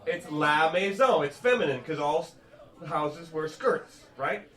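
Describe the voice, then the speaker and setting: Animated male stand-up comic, roomy club. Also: a little high, slow, far from the mic. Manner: crowd work, punchy, profane storytelling. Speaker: stand-up comedian. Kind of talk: stand-up comedy set. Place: comedy club stage. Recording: roomy live club sound from off-mic.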